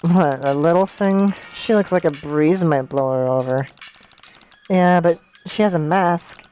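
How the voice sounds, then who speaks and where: A woman's voice: fairly low pitch, measured pace, dark tone, smooth. A woman streamer playing a video game, reading the dialogue aloud in a casual way with puzzled asides. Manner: reacts with confused asides between read lines. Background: game music.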